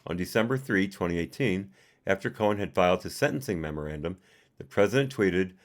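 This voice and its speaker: A man's voice: low-pitched, lively intonation, brisk. A man doing a live reading of a report, reading the punctuation aloud and adding his own asides. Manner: reads punctuation aloud and adds personal asides. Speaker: reader and commentator.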